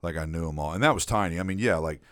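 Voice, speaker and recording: A man's voice: sits low, racing, fairly bright tone, smooth, dry recording, clean studio sound. A young man in casual podcast chat, joking crudely and stumbling a little when he starts a story. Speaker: podcast co-host.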